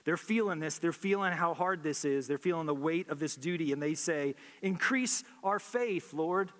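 A man's voice: on the high side, fairly even intonation, a little fast, in a large hall. A man preaching a sermon as pastor, earnest and repeating phrases for emphasis.

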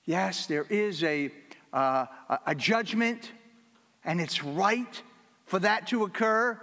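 A man with a notably high voice delivers a sermon from the pulpit. He speaks earnestly and repeats his key lines for emphasis. His voice carries a long reverb, as if filling a large church hall. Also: lively intonation, takes it slowly, bright, forceful tone. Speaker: pastor.

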